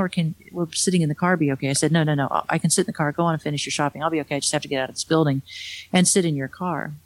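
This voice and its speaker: A woman's voice: sits low, darkish tone. A middle-aged woman, an author, telling a personal story in a candid, conversational way with wry asides. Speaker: author and speaker.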